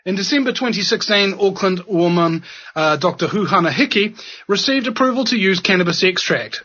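A man's voice: high voice, pushed and bright. A man hosting a talk show, delivering sarcastic and impassioned commentary. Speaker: podcast host. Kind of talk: ranting commentary. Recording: dull lo-fi audio.

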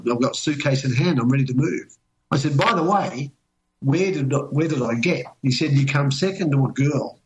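An older Australian man spins long anecdotes in casual conversation. He rambles, restarts his sentences and leans on fillers as he goes. His voice sits at an ordinary middle pitch. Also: rough recording. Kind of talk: casual storytelling chat.

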